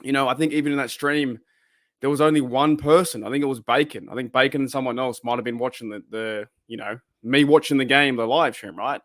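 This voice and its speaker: A man's voice: medium pitch, steady tone, a little fast, no echo, studio quality. An Australian man hosting his channel, chatting casually about football with lots of fillers and rambling asides. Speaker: channel host. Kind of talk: casual fan commentary.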